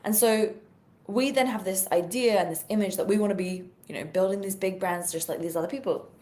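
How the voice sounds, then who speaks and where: Chatty and full of energy, a young British woman speaks to her live-stream audience about social media sales, using plenty of fillers. She has a medium pitch and a brisk delivery.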